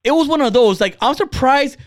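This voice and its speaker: A man with a high voice that swings up and down tells a rambling, candid story in easy conversation. The sound is dry and close, with no room around it. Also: expressive, fairly quick, no echo. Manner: candid, rambling, with frequent restarts and laughs. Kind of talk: casual storytelling chat.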